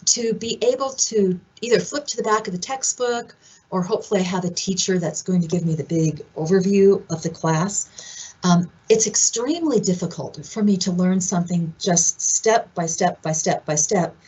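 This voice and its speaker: A woman presenting at a conference, telling stories in an animated way and acting out the quoted voices. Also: fairly low pitch, normal speed, breathy edge, muffled recording. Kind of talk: conference talk.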